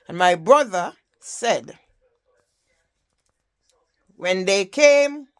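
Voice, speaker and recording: Slow, gravelly older Jamaican woman. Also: medium pitch, a bit bright. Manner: impassioned, asks the listener "Yeah?". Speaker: campaigner telling her story. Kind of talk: personal testimony to camera.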